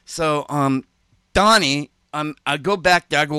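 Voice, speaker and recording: A man's voice: a little high, measured pace, sharp tone, clear, resonant tone, no echo. A man telling a rambling casual anecdote, full of fillers and "like.". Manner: rambling, full of "like" and "you know". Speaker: storyteller.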